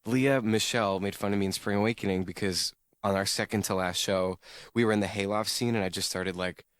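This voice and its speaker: A man guesting on a radio interview, telling bubbly stage stories full of "like" and quick laughs. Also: fairly low pitch, fairly even intonation, smooth, no room sound, studio quality. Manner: bubbly, lots of "like", laughing asides. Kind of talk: chatty interview anecdotes. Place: radio studio.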